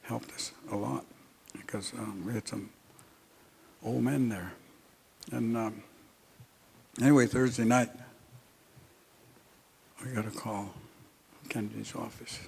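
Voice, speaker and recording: Gravelly older man telling a story slowly. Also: on the low side, steady tone, a little mellow, slight background noise. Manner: unhurried, halting storytelling with many pauses and fillers. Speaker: speaker at an honoring event. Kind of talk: recounting a personal story in a speech.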